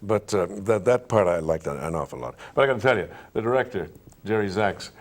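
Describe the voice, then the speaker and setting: A man's voice: fairly low pitch, fairly quick. A man being interviewed, telling stories animatedly and walking the listener through breathing and voice exercises. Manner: animated storyteller who demonstrates vocal exercises aloud. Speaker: interview guest, stage performer. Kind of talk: conversational interview.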